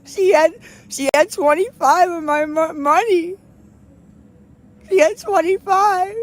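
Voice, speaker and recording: A young woman with a western Pennsylvania accent speaks in a very high voice, crying and pleading through heavy sighs. Her words come slowly and drag. She is cold, outdoors, on a live stream. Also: slight background noise. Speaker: livestreamer.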